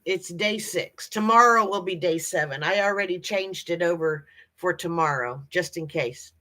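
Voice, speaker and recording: A woman hosting a casual livestream, greeting viewers by name and chatting in a halting way with lots of ums and restarts. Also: on the low side, bright, forceful tone. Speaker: livestream host.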